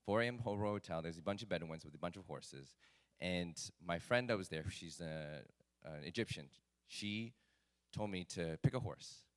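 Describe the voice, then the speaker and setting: A man telling a personal story at a live talk event, animated and self-mocking with lots of fillers. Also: low-pitched, moderate pace, clear, resonant tone.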